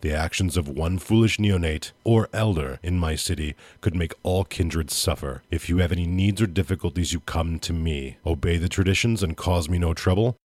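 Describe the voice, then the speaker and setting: Brief: man doing a deep, measured vampire prince who is used to ruling. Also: a little mellow, dry recording. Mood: menacing. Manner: deep, slow and authoritative. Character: cold, commanding male vampire prince.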